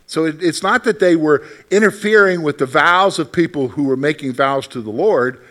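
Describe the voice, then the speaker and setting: A man teaching a Bible study lesson in a conversational way, asking his class questions and growing animated when he voices God's words. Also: on the high side, normal speed.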